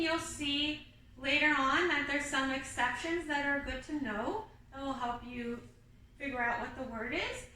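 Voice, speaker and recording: High-voiced lady teacher doing a kindergarten class, slow and sing-songy, kinda far from the mic. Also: bright, forceful tone. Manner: patient, sing-song teacher talk. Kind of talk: online kindergarten lesson with singing. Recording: very echoey room, off-mic.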